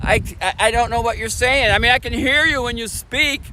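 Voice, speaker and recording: A man with a Michigan accent chatting fast and casually on a livestream, sitting outdoors on a bench by a bridge. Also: very high voice, background noise. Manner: talks fast, chatty, laughs often. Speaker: streamer. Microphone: phone camera on a tripod.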